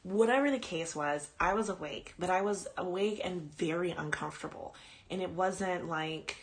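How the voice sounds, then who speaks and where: A woman's voice: lowish voice, moderate pace. A woman podcast host casually telling a personal ghost story on a live stream, rambling and chatty. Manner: chatty, rambling, breaks off to coo at her dog.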